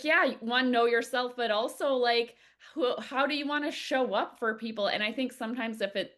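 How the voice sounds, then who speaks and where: A woman on a discussion panel, talking in an animated storytelling way. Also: on the high side. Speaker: panel guest.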